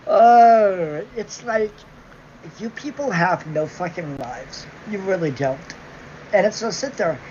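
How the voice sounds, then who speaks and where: A woman's voice: lowish voice, lively intonation, slow pace, a little mellow, slight background noise. A woman hosting a livestream, ranting angrily at her viewers, mocking them with sarcasm and constant swearing. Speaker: livestream host. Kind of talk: profane livestream rant. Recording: dull lo-fi stream audio.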